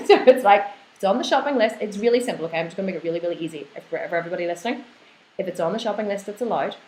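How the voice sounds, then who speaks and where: A woman fitness coach hosting a live Q&A, reading out viewer questions and going off on animated rants. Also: medium pitch, rapid-fire, echoey room, low-quality recording. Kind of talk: live online Q&A.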